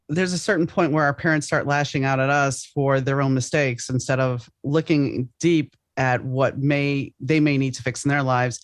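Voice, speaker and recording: A woman hosting a podcast, chatting casually in a rambling, animated way with many restarts. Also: rumbling low, no echo. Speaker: podcast host. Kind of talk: casual interview chat.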